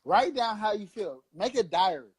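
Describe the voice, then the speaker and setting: A man's voice: sits high, animated, moderate pace, breathy edge. A man in his thirties from Long Beach, California, co-hosting a casual political chat show with impassioned, profane, rambling preaching. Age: 30s. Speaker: co-host.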